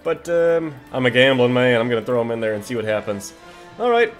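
A man hosting a casual video game commentary, excitable and jokey as he talks to his viewers. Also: medium pitch, fairly quick, faint music behind. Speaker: gaming video host.

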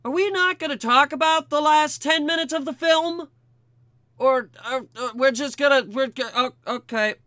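High, bright-voiced sarcastic man reviewing films. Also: moderate pace, no room sound. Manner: mocking, exasperated, swears, sometimes shouts in outrage. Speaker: movie reviewer. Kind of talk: sarcastic comedic film review commentary.

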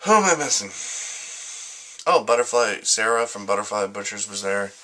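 A man's voice: on the low side, expressive, normal speed, pushed and bright. A young man vlogging casually, joking, rambling and making fun of himself. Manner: joking, rambling, self-mocking. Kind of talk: casual vlog.

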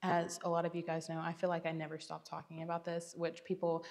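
A woman's voice: on the low side, monotone, a little fast, a little mellow. Chatty young woman teaching. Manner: chatty, laughs often, self-deprecating. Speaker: church speaker. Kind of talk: casual Bible teaching talk.

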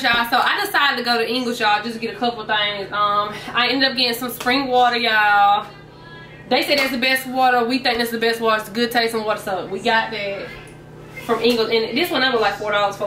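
A woman's voice: a little high, noisy background. A young woman, chatting casually to her viewers at home about her groceries and calling them y'all. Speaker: vlogger. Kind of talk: casual grocery haul chat. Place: at home, indoors. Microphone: camera mic.

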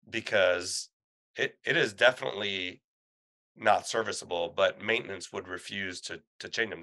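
Deep, bright-toned man, measured. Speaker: guest, corporate pilot. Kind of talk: casual conversation.

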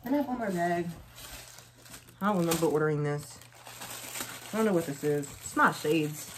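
A young woman chatting casually through a try-on haul, telling stories in lively slang. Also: lowish voice, moderate pace, noisy background. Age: young adult. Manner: chatty, animated storytelling with slang. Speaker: vlogger.

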